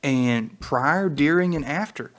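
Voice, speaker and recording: A man's voice: a little high, animated, slow. A man co-hosting a Bible teaching podcast, talking in an earnest, exhorting way that rises to emphatic peaks.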